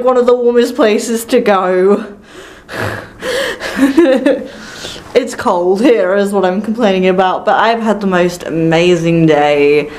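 A young woman chats to her camera about her holiday day, upbeat and rambling, full of little fillers. Her voice sits at an ordinary middle pitch. A faint hiss of background noise runs under the recording. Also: poor audio. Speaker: travel vlogger. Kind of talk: casual travel vlog talk to camera.

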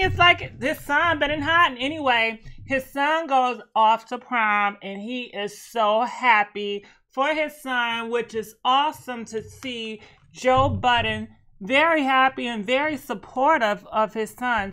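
A woman's voice: fairly high pitch, slow pace, pushed and bright. A woman giving sassy, chatty celebrity gossip commentary straight to her viewers. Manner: sassy, chatty, addresses viewers as girl and honey. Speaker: gossip vlogger.

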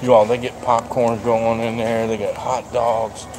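A man's voice: mid-range voice, flat delivery, unhurried. A man rambling in a casual walkaround vlog at a car dealership lot, folksy and dropping the odd mild swear, recorded on a handheld phone. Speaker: vlogger. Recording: outdoor traffic noise behind.

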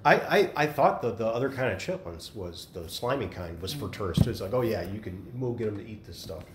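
A man leading a Bible study group, telling animated stories in a casual chat. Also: lowish voice, a little fast, heavy background noise. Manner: chatty, animated storyteller. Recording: echoey room.

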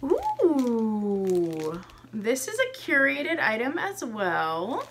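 A woman's voice: on the high side, huge pitch swings, extremely slow, fairly bright tone, slight background noise. A young woman vlogger unboxing a subscription box, gushing and gasping with delight over each item. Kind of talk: excited unboxing chat.

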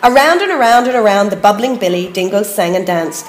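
A woman, a preschool teacher, reading a picture book aloud in a lively, expressive way, adding asides for the children. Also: medium pitch, a little fast, few pauses, slight background noise. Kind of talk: storybook read-aloud. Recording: echoey room.

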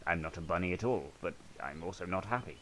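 A man's voice: deep voice, animated, quick pace, a bit bright, slight background noise. A man swearing and joking his way through a video game. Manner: sweary, jokey running commentary. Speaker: gamer. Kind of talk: let's play commentary.

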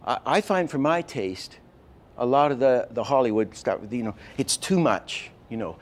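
An older man teaching animation, telling stories in a lively way and acting out example lines, with many restarts. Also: mid-range voice, normal speed. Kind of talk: lecture with acted-out examples.

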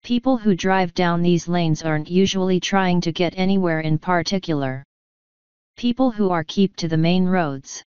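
A woman with a lowish, darkish, clean voice at a moderate pace reads the part of an elderly male country vicar who is gentle, rheumatic and mildly grumbling. He speaks pleasantly, sadly and apologetically, in a rueful mood. The recording is dry and dull, and her voice stays close to everyday speech.

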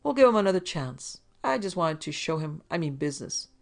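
A woman voicing a fat, smooth-talking male crook who is mock-polite and menacing. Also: low voice, very animated, fairly quick, heavily acted.

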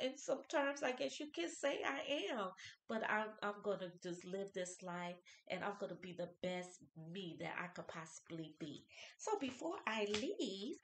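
A woman in her fifties talks in an expressive, churchy way on her birthday vlog, reading out inspirational quotes and commenting on each one. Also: medium pitch, reverberant, a little hiss or hum. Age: 50s. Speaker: vlogger.

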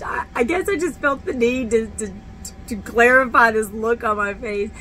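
A woman's voice: sits high, measured pace, a bit bright, slight background noise, rough recording. A middle-aged woman, telling her faith testimony in a chatty, candid way with many fillers and restarts. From Texas. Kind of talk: casual personal testimony.

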